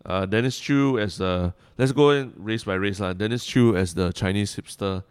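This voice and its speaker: Low-voiced Singaporean man, dry sound. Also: clean tone, no room sound. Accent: Singaporean English. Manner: measured, thoughtful, many restarts. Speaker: podcast co-host. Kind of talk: casual discussion.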